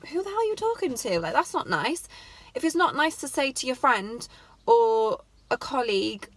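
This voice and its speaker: Her voice a little high and fairly bright, the parenting vlogger talks casually to camera, heartfelt and pleading, about how parents address their children. The recording is dry.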